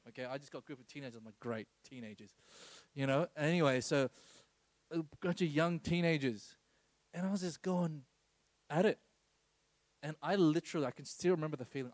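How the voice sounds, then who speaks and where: A man's voice: on the high side, a little mellow, dry recording, rough recording. A man preaching an informal sermon, telling a personal story with many asides and tag questions like "okay?".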